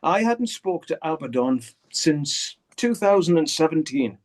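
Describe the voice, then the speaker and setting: A man's voice: fairly high pitch, sing-song, unhurried. An older man, a guitarist, telling a candid story in an interview over a video call, blunt and swearing often as he acts out what others said.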